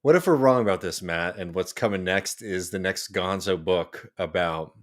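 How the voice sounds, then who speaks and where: A man's voice: low voice, moderate pace. A man co-hosting a political podcast, speaking hesitantly with frequent fillers, sighs and restarts. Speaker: podcast co-host. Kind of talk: casual political chat.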